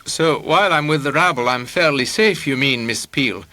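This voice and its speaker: A man doing a wry Lowland Scottish gentleman. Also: no echo, close to an everyday voice. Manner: brisk, wry. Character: dry, brisk middle-aged Scottish gentleman.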